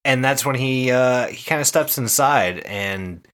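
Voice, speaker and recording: A man's voice: medium pitch, animated, unhurried, a bit bright. A man on a podcast, casually telling a story in a laid-back way. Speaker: podcast co-host. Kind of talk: casual chat.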